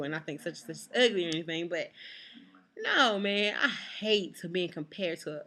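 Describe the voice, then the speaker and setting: A woman's voice: on the low side, animated, fast, a bit bright. A young woman, ranting to camera in a casual vlog, blunt and exasperated, swearing freely. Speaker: vlogger.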